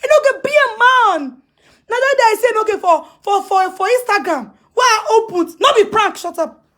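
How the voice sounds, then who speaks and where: A Nigerian woman, a social media personality with a Pidgin English accent, rants on a phone live stream in a strikingly high, piercing voice. Animated and a little fast, she scolds and lectures emphatically, repeating the same phrases over and over until her voice climbs into shouts.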